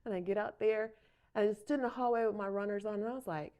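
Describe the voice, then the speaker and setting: A woman, a coffee shop owner, telling a story in a casual interview, animated and acting out dialogue. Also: mid-range voice, quick pace.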